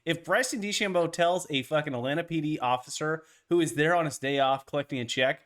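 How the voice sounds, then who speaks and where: A man's voice: fairly high pitch, expressive, fast, few pauses, a bit bright. A man co-hosting a casual golf podcast, ranting with heavy profanity. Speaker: podcast co-host.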